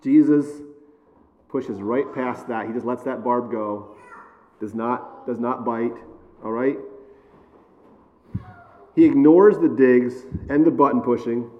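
A man's voice: mid-range voice, takes it slowly, pauses often. A man preaching a sermon in a conversational way, often checking in with "all right?" and "okay?", with some self-deprecating humor. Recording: long reverb, dull lo-fi sound.

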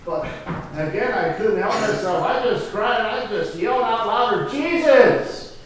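A man playing a poor old blind beggar, telling his story in the first person with halting repeats and sudden cries. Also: high voice, voice pushed up, close to an everyday voice. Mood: earnest. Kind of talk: first-person dramatic monologue. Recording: echoey hall, distant mic, noisy.

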